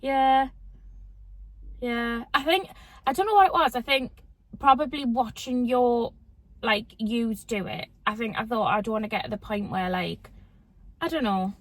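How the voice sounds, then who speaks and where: Young woman, Geordie accent, casual chat, fairly high voice, laughs a lot. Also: a little slow, long pauses. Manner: chatty, laughs often, quotes people in voices. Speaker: host.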